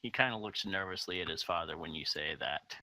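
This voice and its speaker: A man narrating as game master for a tabletop game, relaxed and full of ums. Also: low-pitched, a little fast, no echo, rough recording. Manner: relaxed, filler-heavy narration.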